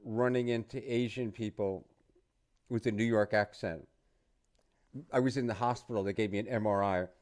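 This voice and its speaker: A middle-aged man from the United States, an English teacher talking through a casual lesson in a relaxed, chatty way with asides. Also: mid-range voice.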